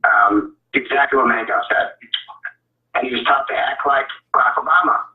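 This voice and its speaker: Hesitant male producer on air, plain mid pitch, phone line sound. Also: steady tone, normal speed, roomy sound, recorded from a distance. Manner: matter-of-fact, hesitant. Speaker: radio producer. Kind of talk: on-air witness account.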